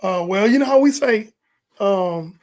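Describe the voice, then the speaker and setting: High-voiced man in lively sports banter. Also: moderate pace. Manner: animated, acts out quotes in shifting voices. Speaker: podcast co-host. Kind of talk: casual sports talk.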